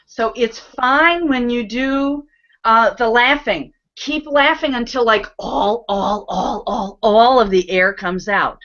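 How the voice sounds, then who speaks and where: A woman's voice: on the high side, takes it slowly, fairly bright tone. A woman from Maryland teaching laughter yoga on a video call, playful and punning as she leads chants of ho-ho and ha-ha. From Maryland, USA. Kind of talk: guided laughter exercises. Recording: dull lo-fi video call audio.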